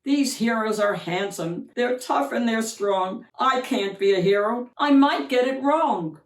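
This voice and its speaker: A woman reading aloud and voicing a shy, kind young male wolf in a storybook, bright and earnest. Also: a little high, unhurried, recorded from a distance, voice pushed up, lightly acted. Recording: roomy echo, mic set back.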